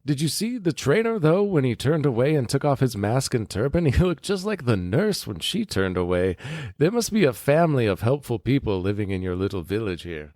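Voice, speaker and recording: A man playing a tabletop game, speaking in character in a deadpan, teasing way. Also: mid-range voice, a little fast, no echo, clean studio sound. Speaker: player.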